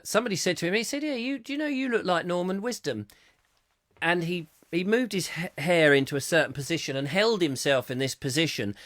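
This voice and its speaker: A man's voice: on the high side, a bit bright, no room sound, clean studio sound. A middle-aged man hosting a live chat show, telling rambling anecdotes with digressions and restarts. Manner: chatty, digressive, with many fillers and restarts. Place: home studio, live stream.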